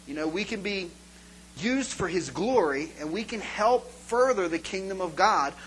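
A man serving as pastor gives an informal sermon, animatedly telling stories and acting out scenes for his congregation. His voice is high and his pace moderate, on a low-quality recording with slight background noise.

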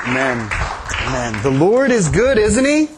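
A man's voice: a little high, huge pitch swings, unhurried, a loud crowd, very noisy. A man leading a church service as pastor, speaking hesitantly and coaxingly with many fillers. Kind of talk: sermon.

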